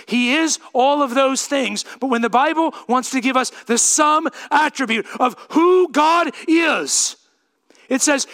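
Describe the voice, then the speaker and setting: A man preaching a sermon as pastor, reading scripture and building to emphatic, shouted peaks. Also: very high-pitched, unhurried. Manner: emphatic, swelling to shouts on key lines.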